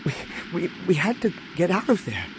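A man's voice: mid-range voice, moderate pace, close to an everyday voice. A man voicing a nervous teenage son who stammers and hesitates, in an audiobook reading. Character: young nervous male pilot, teenage son. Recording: steady background noise.

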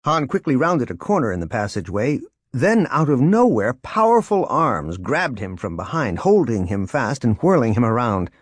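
A man narrating an audiobook in an expressive reading voice. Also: mid-range voice, moderate pace, husky, no room sound, clean studio sound.

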